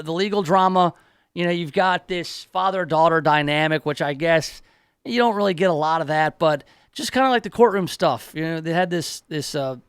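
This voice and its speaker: A man's voice: a little high, smooth, no echo, clean studio sound. Wry talkative radio host man. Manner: wry, talkative, many restarts. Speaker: radio talk show host. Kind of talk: casual radio chat. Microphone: studio microphone.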